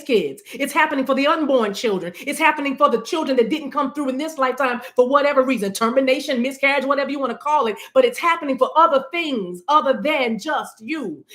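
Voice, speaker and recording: A woman giving an intuitive love reading in a fervent, preachy way, repeating phrases for emphasis and now and then breaking into tongues. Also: sits high. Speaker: spiritual reader.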